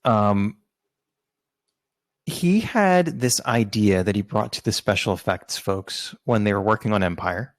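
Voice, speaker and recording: A man's voice: fairly low pitch, expressive, measured pace, dry recording. A man co-hosting a podcast, chatting casually and explaining with hesitant fillers. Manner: hesitant, many fillers and restarts while explaining. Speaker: podcast co-host. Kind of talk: casual chat.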